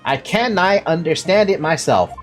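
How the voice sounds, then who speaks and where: Shifty Scottish ex-warder, put on by a player reading dialogue; animated, soft music behind. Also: medium pitch, normal speed, natural voice. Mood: telling. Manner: attempted Scottish accent with dialect words. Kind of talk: reading game dialogue aloud.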